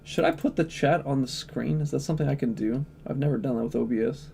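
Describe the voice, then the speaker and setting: A man's voice: medium pitch, fast, vocal fry, mellow, a little hiss or hum. A man chatting casually on a livestream, blunt, opinionated and profane, answering chat questions.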